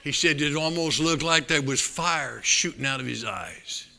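An older man preaching a sermon, telling stories in a folksy, animated way with sudden loud bursts. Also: fairly high pitch, moderate pace, gravelly. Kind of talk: storytelling sermon.

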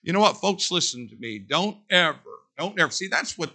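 A male pastor preaching a sermon in a folksy style that builds to loud, emphatic peaks. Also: a little high, animated, a little fast.

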